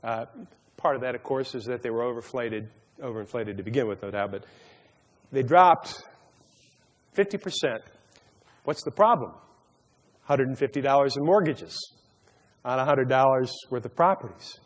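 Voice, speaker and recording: A man with a mid-range voice teaches a Bible study sermon at a moderate pace, pausing often. He tells stories and slips in a joke, frequently stumbling and repeating words. The recording carries a long hall reverb.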